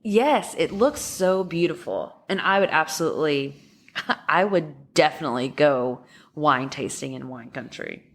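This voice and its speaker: A woman's voice: deep voice, expressive, measured pace, fairly bright tone. A woman co-hosting a podcast in casual chat, nasal from a stuffy nose, rambling with fillers and restarts. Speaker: podcast co-host.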